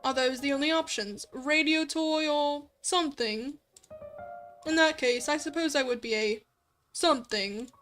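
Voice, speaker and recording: A woman reading as a smug talking cat from a storybook-style game, dry and teasing and never in a hurry. The voice sits high, with soft music faint underneath. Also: measured pace.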